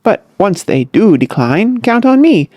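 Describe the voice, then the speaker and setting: Brief: narrator's voice for a cheerful, smooth-talking young man, lively pitch, dry close read. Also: unhurried, dry recording, muffled recording, heavily acted. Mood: breezy, smooth. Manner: smooth, airy flourishes. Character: breezy, glib young man eager to please.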